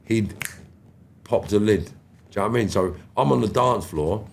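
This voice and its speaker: A bit of hiss or hum underlies this lowish, gravelly voice, which moves at a moderate pace. The man, in his fifties, tells casual, animated stories as a podcast guest, acting out others' lines and swearing freely.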